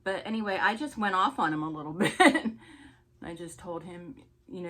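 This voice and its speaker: A woman's voice: fairly low pitch, fairly quick, sharp tone. A woman vlogger telling a story in a chatty, indignant way while she gets ready. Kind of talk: get-ready-with-me story time.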